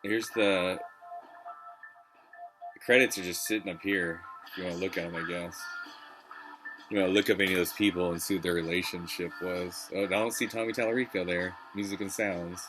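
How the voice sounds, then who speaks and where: A man's voice: low-pitched, fairly even intonation, normal speed, over music, low-quality recording. A man streaming a game live, ranting casually with lots of swearing and exasperation. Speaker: gaming streamer.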